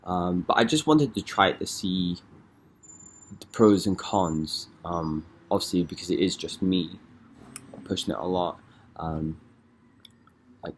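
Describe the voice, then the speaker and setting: A man's voice: low-pitched, slight background noise. A young man from Scotland, a dance artist, talking in a casual, rambling vlog with many hesitations. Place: London.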